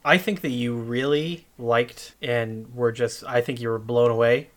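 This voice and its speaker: A man's voice: mid-range voice, steady tone, measured pace. Enthusiastic man rambling in casual chat. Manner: rambling, full of fillers and restarts, enthusiastic. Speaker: podcast co-host.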